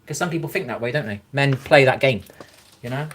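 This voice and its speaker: A man's voice: medium pitch, brisk, fairly bright tone, slight background noise. A man chatting casually on a livestream, answering viewer comments in a rambling, frank way, swearing freely and encouraging his viewers.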